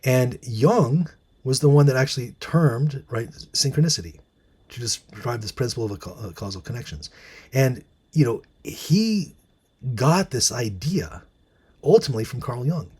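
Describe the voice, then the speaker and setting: A man's voice: medium pitch, expressive, moderate pace, a little mellow, husky. A man hosting a casual monologue, musing with many fillers and restarts and reading out bits of articles. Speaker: host.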